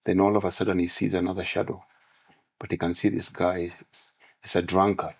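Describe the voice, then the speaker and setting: Deep, gravelly-voiced man; storytelling podcast guest, teaches through analogies. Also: little pitch movement, fairly quick, darkish tone. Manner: preaching in parables and analogies. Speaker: guest speaker on manhood.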